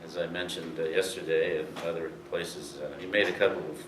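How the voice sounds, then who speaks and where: Speaking to a crowd about racing history, this older man rambles through anecdotes with plenty of fillers. His voice sits low, his intonation fairly even, his pace brisk, and the audio is distant and roomy with a faint hiss.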